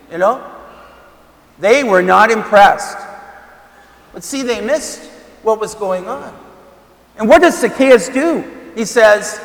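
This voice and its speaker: High-voiced priest in an echoey church. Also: male voice, lively intonation, slow pace, pauses often, fairly bright tone. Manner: conversational, with frequent fillers and emphatic repetition. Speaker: Catholic priest. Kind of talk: homily. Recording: echoey church with long reverb.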